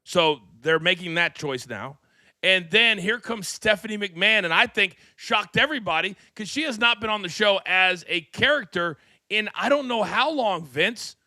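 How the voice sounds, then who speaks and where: A male host with a very bright, sharp-edged voice that sits a little high. He talks fast and with energy, like he is cutting a promo. The studio sound is dry and close. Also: animated, no room sound. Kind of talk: live wrestling talk show.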